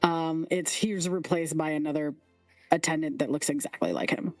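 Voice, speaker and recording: A woman's voice: sits low, fairly even intonation, normal speed, no room sound, faint music behind. Playful woman narrating a tabletop game. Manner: playful, giggly, switches into character voices. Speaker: game master.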